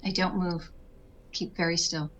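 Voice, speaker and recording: A woman's voice: on the low side, level tone, measured pace, fairly bright tone, slight background noise. A woman playing a tabletop game, giving brief, playful answers to the game master. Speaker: player.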